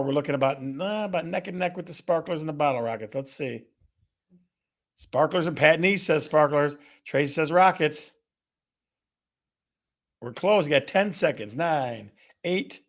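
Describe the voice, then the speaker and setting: A man's voice: fairly high pitch, normal speed. A man hosting a casual live show, upbeat and playful, reading out viewer comments from the chat. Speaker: host of a real estate live show.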